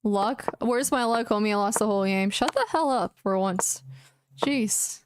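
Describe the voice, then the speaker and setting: A woman's voice: medium pitch, moderate pace, smooth, no room sound, clean studio sound. A young woman streaming chess, muttering anxious, casual commentary to herself and repeating words as she plays. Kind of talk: casual live-stream commentary while playing.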